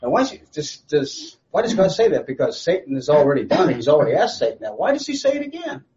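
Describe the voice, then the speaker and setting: A man leading a relaxed Bible study, his pitch swooping up and down as he presses a point with rhetorical questions. His voice is mellow and a little high for a man. The recording sounds dull and lo-fi. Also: fast talker. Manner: emphatic, rhetorical questions, repeats phrases. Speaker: Bible teacher.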